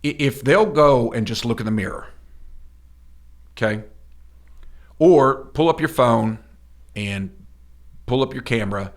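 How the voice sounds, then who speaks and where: A man's voice: medium pitch, lively intonation, unhurried, gravelly, pauses often. A middle-aged man co-hosting a motivational podcast, talking in a folksy, emphatic, preacher-like way. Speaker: podcast co-host.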